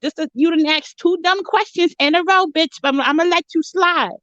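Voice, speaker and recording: A woman plays a crude, boastful woman from Philadelphia with a Philadelphia accent, pitched very high in a mock interview sketch. Every answer comes out combative. The recording is dull and lo-fi with a dry sound. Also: a little fast, fairly bright tone, no room sound. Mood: indignant. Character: brash foul-mouthed Philadelphia woman interviewee.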